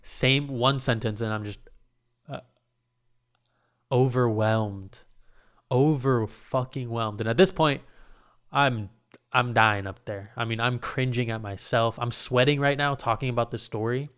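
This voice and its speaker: A young man retells a story in a loose, rambling way, swearing freely and restarting his sentences as he goes. His voice is smooth and clean at an ordinary middle pitch. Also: steady tone, unhurried, pauses often, a bit bright. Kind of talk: casual storytelling.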